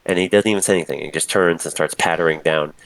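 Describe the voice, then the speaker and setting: A man's voice: deep voice, fast, gravelly, fairly bright tone, no room sound, low-quality recording. A man narrating as game master of a tabletop game, rambling with many restarts.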